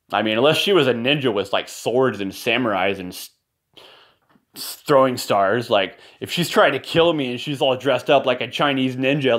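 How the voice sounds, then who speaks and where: A man's voice: medium pitch, fairly bright tone. A man talking casually to the camera at home, rambling from thought to thought and often apologizing. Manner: profane and ranting at times. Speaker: father filming a video message. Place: indoors at home, in a room with a nightlight.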